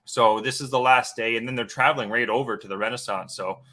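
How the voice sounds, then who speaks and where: Host of a live golf picks stream, loose and chatty; bright, forward voice. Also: male voice, mid-range voice, steady tone, fast, slight background noise. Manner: casual, chatty, lots of fillers, greets chat viewers. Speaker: sports betting podcast host.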